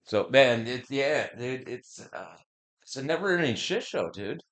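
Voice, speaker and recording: A man's voice: medium pitch, very animated, a little slow, a bit bright. A man co-hosting a casual podcast from home, laid-back and agreeable, often chiming in with "yeah". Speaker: podcast co-host. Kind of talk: casual chat.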